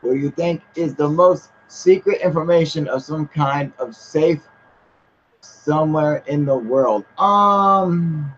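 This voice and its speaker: A man's voice: a little high, slow pace, fairly bright tone, a little hiss or hum. Profane, laughing man hosting a livestream. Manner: loose, profane, laughing often. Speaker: livestream host. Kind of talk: casual live chat reading comments. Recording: muffled lo-fi stream audio.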